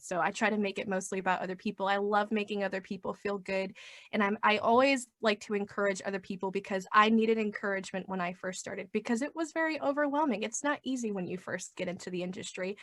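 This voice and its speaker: An upbeat woman chatting as a guest on an interview podcast, often slipping into little acted-out quotes. Her voice sits at a middle pitch for a woman. The sound is dry and close to the mic. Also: a bit bright, no room sound. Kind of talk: casual interview chat.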